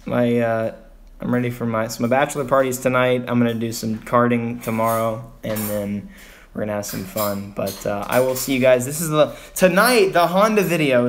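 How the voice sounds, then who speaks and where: A man's voice: medium pitch, normal speed, slight background noise. A young man from Texas hosting a casual livestream, rambling and sighing as he vents his frustration. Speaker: vlogger on a livestream.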